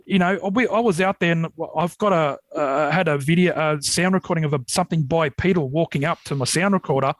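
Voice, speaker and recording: An Australian man telling rambling stories as a podcast guest, getting animated when he retells a scare. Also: a little high, brisk, few pauses, dry recording, rough recording. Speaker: podcast guest, Yowie researcher. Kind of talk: casual storytelling.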